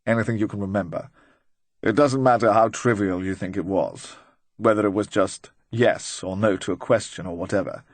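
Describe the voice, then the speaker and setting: A man voicing a quiet, cold official who speaks in low, clipped remarks. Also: moderate pace, no room sound, close to an everyday voice. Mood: cool, quiet. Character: quiet, cold male official behind a desk.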